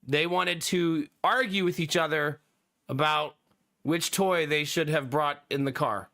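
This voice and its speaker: A man chats casually with his live viewers, spinning an exasperated story and breaking into laughter often. His voice sits a little high and has a bright, sharp edge. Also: a little slow. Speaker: live streamer chatting with viewers.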